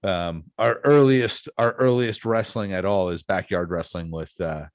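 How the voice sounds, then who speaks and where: Low-voiced and measured, a man from Canada hosts his podcast as a relaxed chat, telling stories full of fillers. There's no echo on the track.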